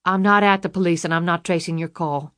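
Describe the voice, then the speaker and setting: A woman's voice: on the low side, steady tone, brisk, a bit bright, clean tone, no room sound, studio quality, natural voice. A woman reading an audiobook, voicing a young mother who is tense, defiant and pleading.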